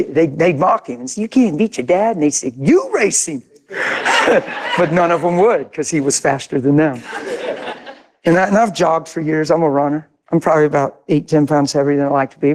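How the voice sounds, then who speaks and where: A man's voice: a little high, darkish tone. An older man preaching a sermon, telling a story with emphatic, intense repetition. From grew up in a city. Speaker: pastor.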